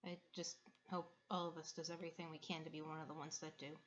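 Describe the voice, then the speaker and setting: A woman voicing a weary, resigned female crew leader who speaks softly and tiredly. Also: level tone, fast talker, dull audio, slight background noise, lightly acted. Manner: soft, low and tired.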